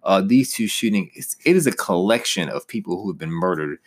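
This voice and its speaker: Young man, very low voice, earnest pastoral teaching, personal, emphatic. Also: animated, fairly quick, husky. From United States.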